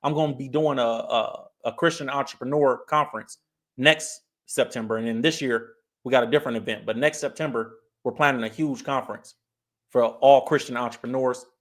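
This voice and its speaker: A man's voice: medium pitch, steady tone, a little fast. Laid-back man hosting a livestream. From California. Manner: laid-back, laughs often, reads chat aloud. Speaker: livestream host. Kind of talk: casual livestream chat.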